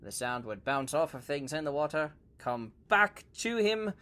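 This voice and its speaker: Man narrating a kids' story, playful, giggly, slow and animated. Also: on the high side. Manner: playful, laughing often.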